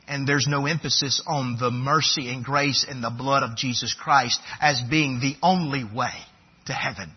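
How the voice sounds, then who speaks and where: A man's voice: medium pitch, normal speed, husky, highs cut off. A man preaching a sermon as pastor, building to fervent, emphatic repetitions.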